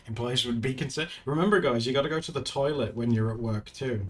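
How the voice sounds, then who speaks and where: A man's voice: mid-range voice, quick pace. A man chatting casually on a live stream, laughing often and retelling stories. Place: indoors at home. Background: faint music.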